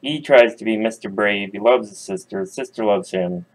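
A man's voice: fairly low pitch, moderate pace, background noise. A man telling a fairy tale for adults in a loose, profane, chatty way, full of asides to the audience. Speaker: storyteller. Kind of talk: casual comic storytelling.

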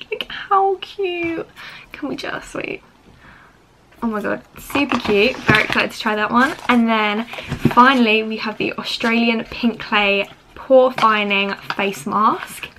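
A woman's voice: mid-range voice, a bit bright, a little hiss or hum, poor audio. A young woman, chatting casually in a beauty vlog at home, gushing with lots of fillers. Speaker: beauty vlogger. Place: home, indoors.

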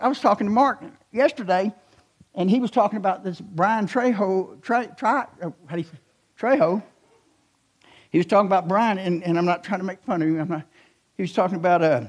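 A man's voice: high voice, slightly rough. A man, an assistant pastor preaching a sermon in a church, telling stories and building to emphatic questions. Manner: storytelling, animated, rising to emphatic questions.

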